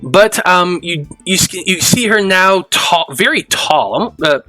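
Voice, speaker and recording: Game master, male, bright clear tone, hesitant narration. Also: sits high, lively intonation, soft background music, poor audio. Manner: halting, full of fillers and restarts.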